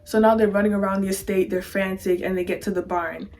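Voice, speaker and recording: A woman's voice: mid-range voice, fast talker, soft background music. A woman vlogger giving a casual, dramatic storytime recap of a novel, acting out the characters as she goes. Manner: animated, dramatic, acts out characters.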